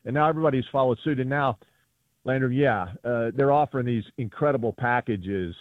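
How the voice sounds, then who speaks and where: A man's voice: mid-range voice, fairly quick, no echo. A man, a golf reporter, telling stories in a phone-in radio interview and acting out the voices he quotes. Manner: animated storyteller, acts out quoted voices. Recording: tinny phone line.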